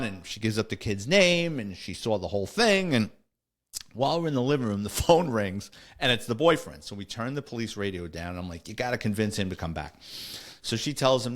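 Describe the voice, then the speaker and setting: A man's voice: on the low side, expressive, fairly quick. Blunt New man telling stories. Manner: streetwise, blunt, matter-of-fact storytelling. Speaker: podcast host, retired police officer. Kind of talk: casual storytelling.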